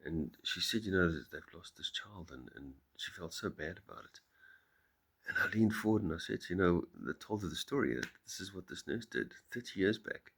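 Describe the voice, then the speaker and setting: A middle-aged man speaking softly to the camera on his farm early in the morning, halting and reflective, with many pauses and restarts. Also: low voice, expressive, breathy edge. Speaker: farm vlogger. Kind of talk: reflective personal talk to camera.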